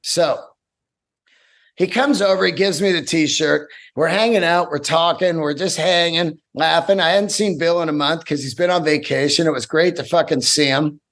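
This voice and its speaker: A man in his fifties, a stand-up comedian hosting his own podcast, telling stories in an excitable, profane, rambling way with many restarts. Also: a little high, normal speed. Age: 50s. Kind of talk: casual solo podcast storytelling.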